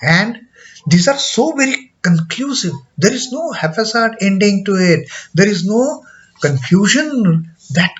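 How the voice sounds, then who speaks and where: A high-voiced man with an Indian English accent teaches a scripture lesson at an unhurried pace, pausing often on fillers and repeating himself. His pitch swings widely, and he chants verses slowly. The recording sounds dull and lo-fi. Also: lively intonation.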